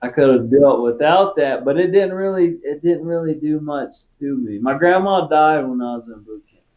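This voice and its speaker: A man's voice: fairly high pitch, animated, moderate pace, phone-quality sound. A man from Texas, a former Marine, telling stories in a casual interview in a laid-back, profane way. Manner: profane, laid-back, peppers talk with "dude" and "right?".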